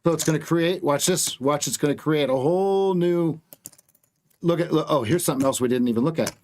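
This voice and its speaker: A man with a fairly high voice coaches viewers through live trading on a stream, speaking briskly. He's excitable, repeats words, and jokes with the chat.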